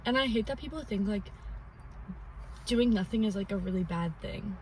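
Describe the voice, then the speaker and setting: A teenage girl rambles through her points at a medium pitch, leaning on "like" at almost every turn. She is recorded from a distance, with a light hiss behind her. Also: normal speed, a little mellow. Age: teens. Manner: rambling, many "like" fillers. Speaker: podcast co-host. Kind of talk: casual chat. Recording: distant mic with faint noise.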